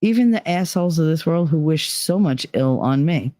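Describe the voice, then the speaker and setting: A woman's voice: low-pitched, animated, normal speed, dark tone, dry recording, studio quality. A woman hosting a podcast, telling a personal story in a frank, profane way and acting out the voices of the people she quotes. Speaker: podcast host.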